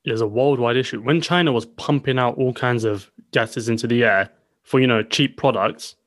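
A man's voice: medium pitch, moderate pace, a bit bright, no room sound. An emphatic man co-hosts a casual podcast, pushing his points and leaning on filler phrases. The recording is dry and close, with no room sound. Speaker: podcast co-host.

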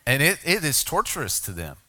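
A middle-aged male pastor preaching a sermon in a conversational way, dropping to soft, emphatic tones for key points. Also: fairly high pitch, wildly swooping pitch, fairly quick.

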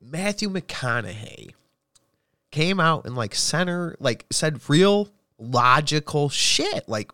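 A man's voice: fairly high pitch, very animated, takes it slowly, bright, forceful tone, no echo, clean studio sound. A man co-hosting a casual chat, talking bluntly with heavy swearing and ranting.

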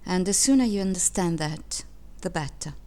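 A woman reading aloud, voicing a grim, stern father in a lower, quieter voice. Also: expressive, moderate pace, natural voice. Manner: low, quiet, clipped.

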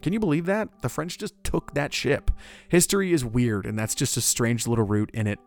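A man's voice: medium pitch, steady tone, a little fast, a little mellow, soft background music. Man narrating history casually. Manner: conversational, with asides and joking tangents.

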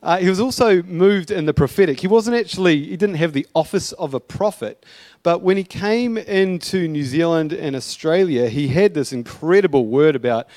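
A man's voice: fairly high pitch, animated, normal speed, darkish tone, dry recording. A male pastor preaching a sermon in a casual, chatty way, with asides and light humour.

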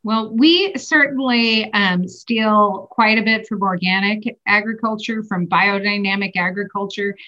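A woman's voice: mid-range voice, unhurried, few pauses, pushed and bright, dull audio. A woman being interviewed, talking casually with many fillers in an upbeat way. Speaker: wine producer guest. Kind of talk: conversational interview.

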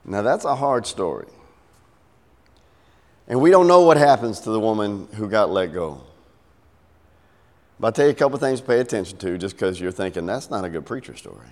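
A man's voice: on the low side, lively intonation, moderate pace, pauses often, darkish tone. A middle-aged man preaching a sermon, telling a story and acting out its voices with big swings. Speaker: pastor. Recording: long hall reverb.

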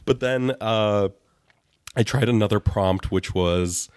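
A man co-hosting a casual podcast chat while sick, his voice raspy with vocal fry, joking and laughing often. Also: on the low side, slow pace, a little mellow, no room sound, clean studio sound. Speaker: podcast co-host.

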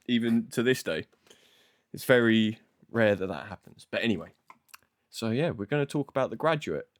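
A young Englishman hosts a relaxed film podcast, talking in a loose, offhand way and laughing at himself. His voice sits low. The sound is dry and close. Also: normal speed, no room sound. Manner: loose, sweary, self-deprecating. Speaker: podcast host. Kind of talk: casual film podcast chat.

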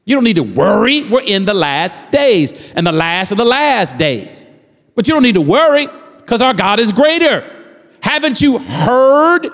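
A man's voice: high voice, a bit bright, long reverb tail. A man preaching a fervent sermon as pastor, repeating phrases and building with rising calls to the congregation.

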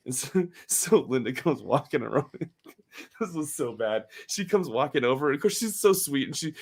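A man's voice: mid-range voice, animated, normal speed, breathy edge. A man hosting a casual podcast chat, telling a funny story with lots of laughter and restarts. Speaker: podcast host.

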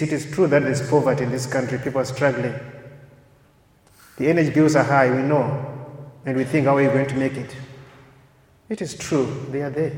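A man preaches a sermon with insistent repetition, his delivery swelling loud and then falling soft. His voice sits mid-range for a man. The recording carries a roomy echo and a long hall reverb. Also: medium pitch. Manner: repetitive, emphatic, rising to loud peaks then dropping soft.

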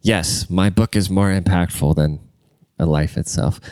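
A congested man rambles through a profane, offhand rant. His voice sits low and comes across smooth and resonant despite the stuffiness. The room sound is dry and close. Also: darkish tone, no room sound. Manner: crude, rambling, swears constantly.

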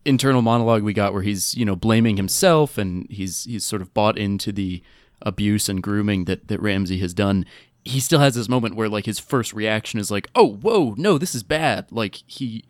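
Male podcast guest, low-pitched, dry close recording, casual and laughing. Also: normal speed, no room sound. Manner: laughing, animated retelling.

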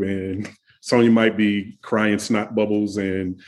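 A man's voice: on the low side, flat delivery, slow pace, a little mellow. A man telling road-trip stories in casual chat, laughing often and restarting his sentences. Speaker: guest. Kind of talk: casual conversation.

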